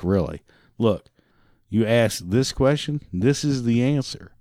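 A man's voice: mid-range voice, expressive, unhurried, warm tone, dry recording, studio quality. A man in customer service ranting through a story about a stubborn customer, profane, sarcastic and exasperated. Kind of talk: storytelling rant.

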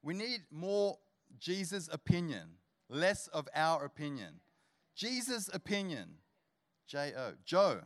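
Male guest preacher, slightly high voice, humorous storyteller who ramps up to rousing exhortation. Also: very animated, slow, a bit bright. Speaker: guest pastor. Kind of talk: sermon. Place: church service.

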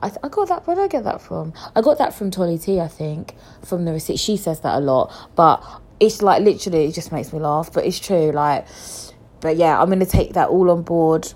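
A young woman chatting casually to camera as a vlogger, excitable and quick to laugh and swear. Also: on the low side. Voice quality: visually impaired speaker.

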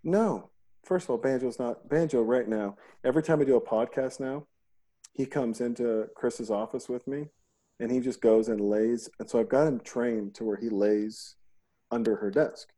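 A middle-aged man hosts a podcast in loose, casual chat, a warm and mellow voice at an ordinary pitch. He rambles, jokes and swears freely, slipping into quick acted-out quotes. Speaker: podcast host.

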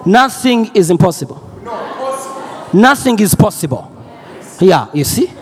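A male preacher from Uganda giving a loud, energetic sermon, repeating phrases and drawing call and response from the congregation. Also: sits high, a little slow.

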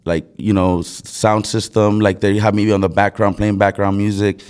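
A man's voice: lowish voice, little pitch movement, moderate pace, darkish tone, clean tone. A man who works as a DJ, talking casually on a podcast with loose, filler-heavy storytelling.

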